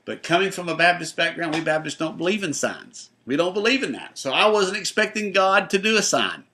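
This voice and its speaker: Bright-voiced pastor telling a lively story. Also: male voice, high-pitched, brisk. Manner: animated, acts out the voices in his story. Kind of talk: storytelling personal testimony.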